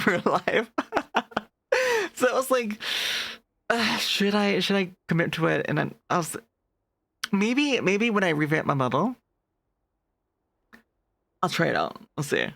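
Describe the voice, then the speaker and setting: A streamer with a deeper, gravelly voice and a touch of fry chats casually with a live audience late at night. The talk is animated, full of quick laughs, and keeps breaking off to read and answer chat messages. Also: no echo. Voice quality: deeper natural voice. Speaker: VTuber streamer.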